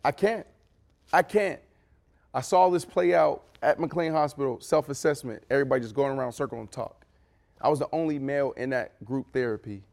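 A middle-aged man co-hosting a podcast in casual chat, animated and storytelling. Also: mid-range voice, a little fast, creaky. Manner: animated, acts out quotes with big voices. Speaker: podcast co-host.

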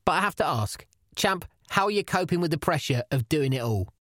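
A man's voice: a little high, expressive, fairly quick, a bit bright, dry recording, clean studio sound. A man hosting a scripted comedy podcast and playing the patient, exasperated straight man. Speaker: podcast host.

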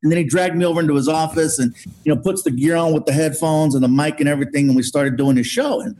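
A man telling an animated comic story as a guest, acting out what people said. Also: fairly high pitch, fast talker, slight background noise. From Mexican heritage. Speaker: guest comedian. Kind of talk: storytelling on a podcast.

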